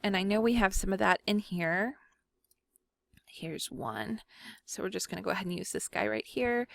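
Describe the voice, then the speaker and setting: Young woman, casual rambling crafter chat, a bit of vocal fry, dry close sound. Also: mid-range voice, fast, no echo. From Mississippi. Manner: chatty, rambling, with fillers. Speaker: scrapbooking vlogger.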